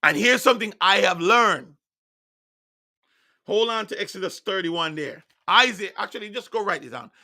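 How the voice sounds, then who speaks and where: Preaching online at a moderate pace, this man, a native Jamaican Patois speaker, sounds animated, high, bright and gravelly. His sermon is emphatic and insistent, occasionally climbing to loud proclamations, always with a sharp, piercing edge.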